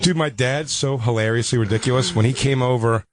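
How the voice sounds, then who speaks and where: Rambling animated male comedian. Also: mid-range voice, a little fast, no echo. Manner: animated, rambling, with many restarts. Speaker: comedian guest. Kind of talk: casual comedic storytelling.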